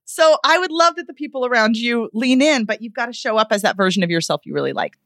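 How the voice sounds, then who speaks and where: A woman vocal coach being interviewed on a podcast, talking in an animated, expressive way. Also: quick pace, no echo, clean studio sound. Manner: animated, expressive, wide pitch swings.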